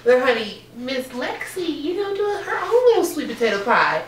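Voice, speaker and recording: A woman's voice: sits high, very animated, moderate pace. A woman hosting a casual talk show, sassy and affectionate, calling her guest honey. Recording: echoey room, distant mic, faint noise.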